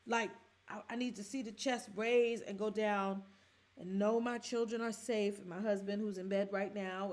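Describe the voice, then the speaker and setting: Heartfelt woman host, halting speech. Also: medium pitch, fairly even intonation, a little mellow. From the Bronx, New York. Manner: heartfelt, halting, talks straight to listeners. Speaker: podcast host. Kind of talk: emotional reaction chat.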